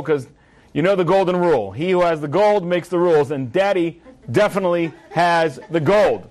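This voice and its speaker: A man teaching a religious class, telling a story in an animated, humorous way. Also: a little high.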